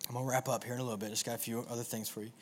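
A man preaching a sermon to a live audience in an animated, energetic way, with call-and-response. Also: medium pitch, very fast. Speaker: pastor.

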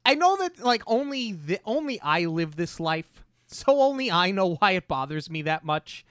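A chatty, opinionated podcast co-host rambles through a casual film review at normal speed, his pitch swooping in a very lively way. The recording is close and dry, with no room sound.

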